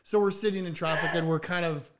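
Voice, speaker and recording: A man spins a long anecdote in relaxed podcast banter. His voice sits a little high, and he livens up when quoting others. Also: fast, background noise. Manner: animated storyteller, acts out quotes in raised voice. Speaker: podcast co-host. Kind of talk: casual storytelling chat.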